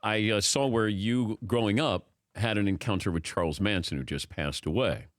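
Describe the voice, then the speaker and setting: A man's voice: fairly low pitch, moderate pace, dry recording. Radio host man with a dry, close sound. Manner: relaxed questions with filler words. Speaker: sports talk show host. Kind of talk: casual radio interview.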